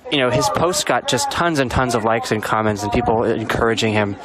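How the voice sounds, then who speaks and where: A man of middle pitch narrating a live stream from an outdoor protest. He talks bluntly and dryly, with a sardonic edge, and swears in passing. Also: a little fast, over a noisy crowd.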